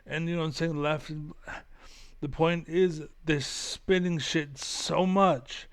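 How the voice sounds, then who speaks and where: Rambling, profane man with a smooth voice. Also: fairly high pitch, fairly even intonation, slow. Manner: rambling and profane, many fillers and restarts. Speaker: streamer reacting to political videos. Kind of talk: casual rant.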